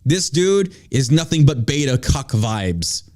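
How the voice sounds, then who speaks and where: A man's voice: medium pitch, sing-song, slow, a little mellow. A man hosting a podcast, ranting through political commentary in a heated, profane way. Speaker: podcast host.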